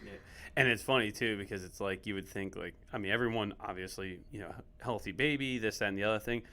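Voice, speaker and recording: A man's voice: lowish voice, fast, bright, forceful tone. A man on a podcast telling a story in a brash, joking way, swearing casually. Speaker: podcast guest. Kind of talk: casual chat.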